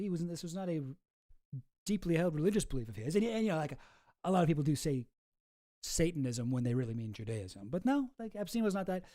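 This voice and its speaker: A man's voice: high voice, dark tone, no room sound, clean studio sound. A man streaming, casually reacting to clips with sarcastic, rambling commentary and many restarts.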